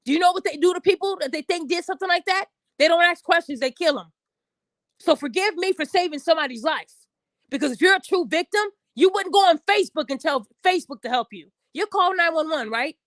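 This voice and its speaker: A woman's voice: high voice, fairly bright tone, no echo. A woman podcast host delivering a heated, profane opinion rant straight at her listeners. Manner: addresses listeners directly.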